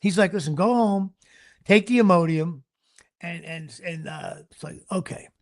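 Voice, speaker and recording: High-pitched gravelly man telling a rambling story. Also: moderate pace. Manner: animated, rambling anecdote with frequent restarts. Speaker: podcast host. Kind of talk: casual storytelling chat.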